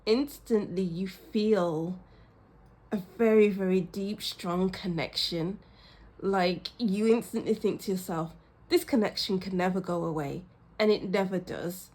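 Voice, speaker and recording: Giggly woman giving an excited tarot reading. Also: medium pitch, a little slow. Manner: giggly, exclamatory, frequent bursts of laughter. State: a little ill and tired. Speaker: tarot reader. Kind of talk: intuitive tarot reading to camera.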